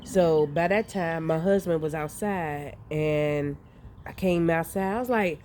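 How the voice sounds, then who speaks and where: A woman vlogger with a slightly low, mellow voice recounts her dreams outdoors, speaking a little slowly. She's animated, swears freely, and laughs often, with faint rain, outdoor ambience, and slight background noise behind her.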